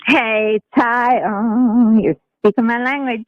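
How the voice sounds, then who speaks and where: A woman calling in to a live show, speaking forcefully and with emphasis. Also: a little high, fairly even intonation, slow pace, dry recording, muffled recording. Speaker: caller. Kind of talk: call-in commentary.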